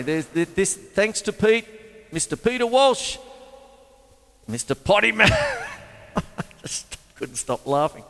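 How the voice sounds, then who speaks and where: A man's voice: a little high, a bit bright, big-room sound. A man hosting a casual livestream drum lesson from his home studio, chatty and rambling, laughing at his own jokes. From Australia. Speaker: drum teacher and show host.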